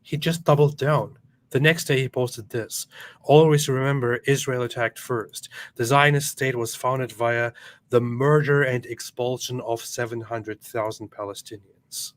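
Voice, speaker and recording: A man's voice: mid-range voice, steady tone, measured pace. A man co-hosting a livestream, commenting with scorn and reading out viewer messages, laughing at his own points. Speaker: livestream co-host.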